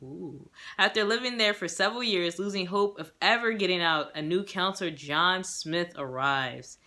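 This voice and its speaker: Bright, gushing young woman reviewing a movie. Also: fairly low pitch, moderate pace. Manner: gushing, rambling, giggly, quotes her own reactions. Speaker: movie reviewer and self-published author. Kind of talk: casual movie review vlog.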